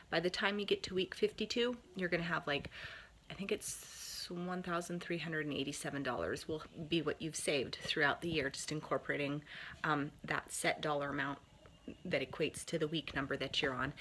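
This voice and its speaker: A woman, a mom chatting casually with a bubbly, laughing, energetic manner. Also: low voice, a little hiss or hum. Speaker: mom sharing family tips. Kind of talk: casual chat to camera.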